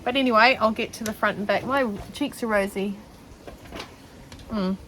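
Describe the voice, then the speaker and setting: A middle-aged woman with a New Zealand accent talks through her sewing outdoors on a shaded deck. She rambles cheerfully, pokes fun at herself and fills her pauses with ums. Her voice sits at an ordinary pitch, with faint noise in the background. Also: fairly bright tone, low-quality recording. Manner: rambling and self-mocking, with many ums. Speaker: sewing vlogger. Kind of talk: casual chatty vlog.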